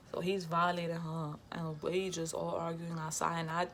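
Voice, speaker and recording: Low-voiced woman telling a blunt story. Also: little pitch movement, normal speed, hardly any pauses, fairly bright tone, slight background noise. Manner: candid, emphatic slang-filled storytelling. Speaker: vlogger. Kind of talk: storytime vlog.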